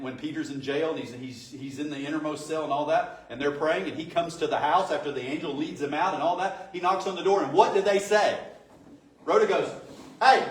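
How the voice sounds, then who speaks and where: Male pastor, conversational sermon full of rhetorical questions; distant mic in a roomy church. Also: a little high. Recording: echoey room, distant mic, faint noise.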